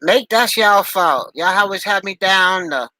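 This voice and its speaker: Bright, high-voiced man streaming live. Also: lively intonation, a little slow, dry recording, poor audio. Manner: loose, joking, talks to chat by name. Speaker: live streamer chatting with viewers. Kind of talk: casual live-stream chat. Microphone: headphones with mic.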